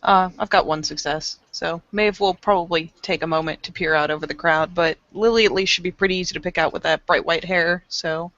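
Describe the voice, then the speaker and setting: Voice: mid-range voice, steady tone, brisk, hardly any pauses, fairly bright tone, dry recording, lo-fi sound. A game master narrating a tabletop role-play scene in a laid-back way, with fillers.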